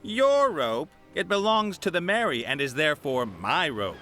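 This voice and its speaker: A man's voice: on the high side, big pitch swings, moderate pace, pushed and bright, faint music behind. An actor playing a cocky male sky captain and treasure hunter in a video game, joking and laughing.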